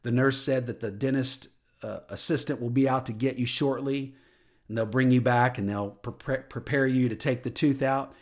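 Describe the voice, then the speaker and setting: A man giving a personal testimony into a microphone, telling a story earnestly and dropping soft and low at emotional moments. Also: fairly even intonation, normal speed. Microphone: studio microphone.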